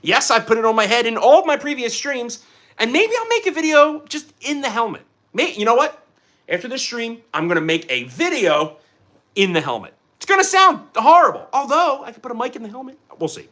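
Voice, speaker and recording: A young man hosting a casual livestream, reading viewer comments and chatting in an energetic, rambling way. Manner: energetic, rambling, quick pitch jumps and bursts of laughter. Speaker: livestream host.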